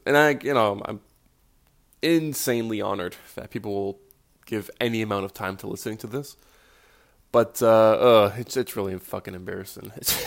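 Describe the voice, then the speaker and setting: Male podcast host, lowish groggy morning voice, rambling self-deprecating chat with casual swearing. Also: gravelly.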